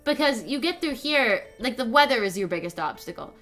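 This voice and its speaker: A young woman streamer ranting in casual commentary, animated and profane, with lots of fillers. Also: a little high, fairly quick, faint music behind.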